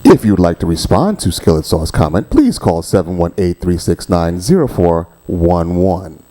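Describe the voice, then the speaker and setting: Radio cohost guy, low mellow voice, blunt and dry. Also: sing-song, normal speed. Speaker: radio show co-host. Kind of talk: casual talk radio.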